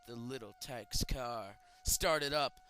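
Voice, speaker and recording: A young man reading creepypastas aloud and mocking them with sarcastic comments and loud outbursts. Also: mid-range voice, animated, slow, faint music behind. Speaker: creepypasta reader. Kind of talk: comedic dramatic reading with commentary.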